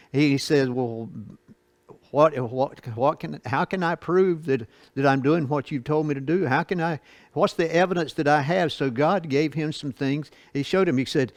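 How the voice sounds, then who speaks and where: A man's voice: a little high, no room sound. Folksy man teaching a Bible lesson. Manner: folksy, reads scripture slowly then explains with asides and chuckles.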